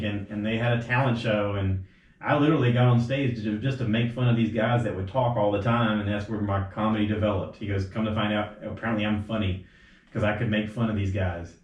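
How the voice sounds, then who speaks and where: A man's voice: on the low side, a little fast. Rambling man telling stories, roomy sound. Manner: rambling storyteller, quotes others with animated voice jumps. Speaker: podcast host. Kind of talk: casual chat. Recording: roomy, slightly dull home recording.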